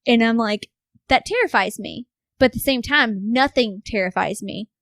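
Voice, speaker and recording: A woman in her thirties tells stories on a podcast with a fairly high, lively voice, swearing freely and acting out what people said. The recording is close and dry, with no room sound. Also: normal speed, no echo. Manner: animated storyteller, swears freely, acts out quotes. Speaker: podcast guest. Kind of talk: casual chat.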